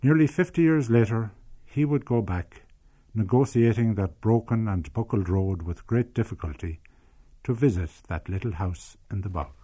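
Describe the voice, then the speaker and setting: A middle-aged Irish man, a radio producer, reading his childhood memoir in a measured, lyrical way. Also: lowish voice, mellow. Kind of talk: scripted memoir narration and on-location chat.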